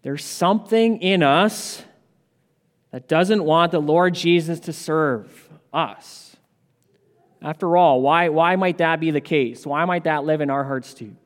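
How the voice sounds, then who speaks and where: A man preaching an earnest expository sermon, slowing down to stress key points. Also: on the high side, long reverb tail.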